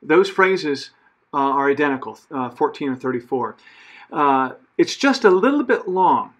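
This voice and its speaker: A man's voice: fairly high pitch, sing-song, a little slow, fairly bright tone. A man as a choir director, giving patient spoken rehearsal notes with frequent fillers and self-corrections. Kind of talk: conducting rehearsal instructions.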